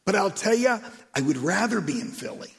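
A man preaching a sermon and telling stories in an animated way, with shouted emphasis. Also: sits high, fairly quick, vocal fry, slightly rough. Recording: echoey hall reverb.

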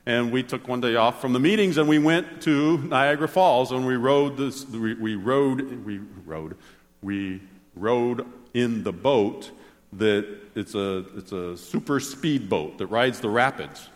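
A man preaching a sermon as pastor, animated, swinging between excited exclamations and soft low asides. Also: a little slow. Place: church sanctuary. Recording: long hall reverb.

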